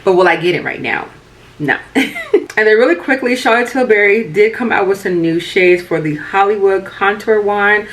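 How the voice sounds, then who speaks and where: A woman in her thirties, hoarse with a cold and sounding raspy, chatting casually and rambling with many fillers as a beauty vlogger. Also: medium pitch, normal speed. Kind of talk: casual chat.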